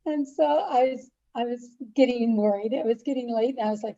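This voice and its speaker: A middle-aged woman from upstate New York recounts her past as an interview guest. Her voice is mellow and a bit higher than most, and she tells it in an animated way, often laughing. The sound is slightly dull and lo-fi. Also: brisk, hardly any pauses. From Albany, New York. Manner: animated storyteller, laughs often, acts out dialogue. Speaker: makeup artist, podcast guest. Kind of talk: storytelling interview.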